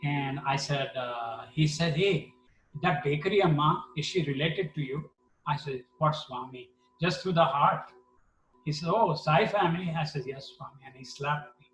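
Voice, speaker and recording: A man's voice: on the high side, normal speed, soft background music. A middle-aged man telling a personal story at a devotional gathering, acting out the dialogue. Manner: animated, acts out dialogue. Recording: echoey hall, mic at a distance.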